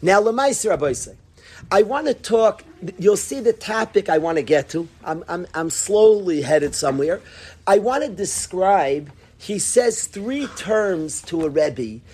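Animated husky teacher, high voice. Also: male voice, measured pace. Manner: animated, acts out dialogues, laughs, repeats phrases. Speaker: rebbe teaching a Torah class. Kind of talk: informal Torah class.

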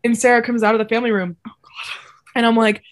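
A young woman co-hosting a casual podcast over a video call, telling a rambling, animated story. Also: fairly high pitch, fast. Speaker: podcast co-host. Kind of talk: casual chat.

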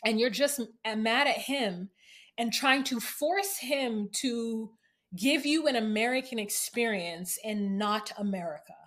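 A woman hosting a podcast, recapping a show in an animated, laughing casual chat. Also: a little high, unhurried. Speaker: podcast host.

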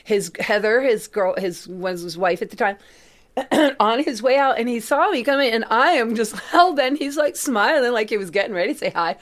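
Animated woman telling a story, laughing. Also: a little high, moderate pace. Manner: animated, laughing often, acts out quotes. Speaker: podcast guest. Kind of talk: casual storytelling.

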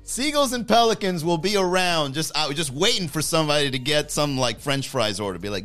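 A man's voice: a little high, expressive, brisk, few pauses, a bit bright, soft background music. A man hosting a livestream in casual chat, joking and rambling and laughing often. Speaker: livestream host.

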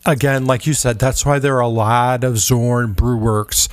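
A man co-hosting a food podcast in a small studio, chatting in a relaxed, rambling way with many fillers. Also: medium pitch, a little slow, dry recording. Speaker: podcast co-host. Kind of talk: casual chat.

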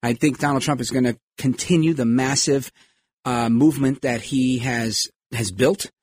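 A man's voice: medium pitch, steady tone, normal speed, a little mellow, breathy edge, no echo. A man hosting a podcast, giving emphatic political commentary and acting out quoted voices. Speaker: podcast host.

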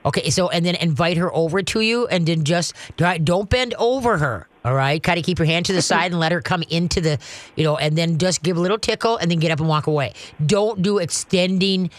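A man hosts a call-in radio show and hands out dog training tips. His voice sits a little high for a man, and it is recorded close and dry in a studio. He rambles in a folksy way, with plenty of restarts. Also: a little fast, dry recording. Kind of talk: casual call-in radio chat. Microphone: studio microphone.

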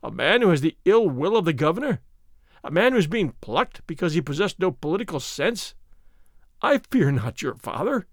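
A man's voice: a little high, sing-song, moderate pace, dry recording, studio quality. A man voicing an arrogant army captain in an audiobook, purring and sneering as he presses his suit. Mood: domineering. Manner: sneering, overbearing. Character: arrogant bold army captain suitor, male. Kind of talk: audiobook character reading.

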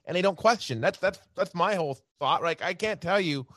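A man with a somewhat higher voice talks as a guest on a podcast. He is animated and laughs easily, and he fills his speech with casual tags. The sound is close and dry, with no room echo. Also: brisk. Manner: animated, laughs often, uses many fillers like "right" and "you know". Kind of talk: casual chat.

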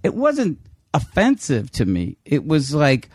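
A man's voice: on the high side, huge pitch swings, measured pace, a little mellow, slightly rough, no room sound, studio quality. A man in his fifties, a guest comedian, telling candid stories in casual conversation with self-mocking laughs.

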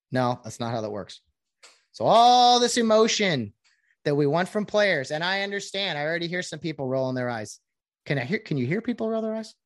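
Sarcastic, animated man ranting. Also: a little high, no room sound. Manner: sarcastic, animated, mimics others. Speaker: sports official commentator. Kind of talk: casual opinion monologue.

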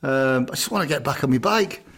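A man's voice: mid-range voice, expressive, a little fast, fairly bright tone. A man, co-hosting a podcast in casual chat, blunt and jokey with casual swearing. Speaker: podcast co-host, chef.

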